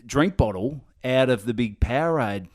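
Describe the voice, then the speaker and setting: A man's voice: mid-range voice, moderate pace. An Australian man co-hosting a podcast, telling a story in casual banter and acting out the people in it. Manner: animated storyteller, acts out quoted people. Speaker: podcast co-host.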